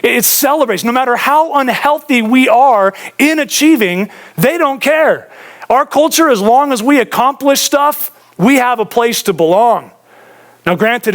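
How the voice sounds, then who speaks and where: A man's voice: very high-pitched, expressive, moderate pace, fairly bright tone. A man preaching a sermon as pastor in a church, talking casually to the congregation and telling stories. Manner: conversational storytelling preacher, addresses audience as guys.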